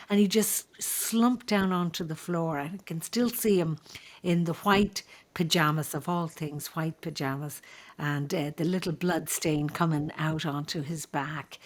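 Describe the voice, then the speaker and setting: An Irish woman, a midwife, telling her experiences in a conversational podcast, halting with many fillers and restarts in an earnest, sorrowful way. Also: fairly low pitch.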